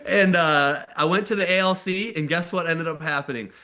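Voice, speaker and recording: A man's voice: on the high side, normal speed, bright, forceful tone. An American man in his thirties telling his life story on a video call, in a casual, candid way, sometimes acting out the people he quotes. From United States. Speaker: motivational speaker. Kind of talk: personal story told to an online call.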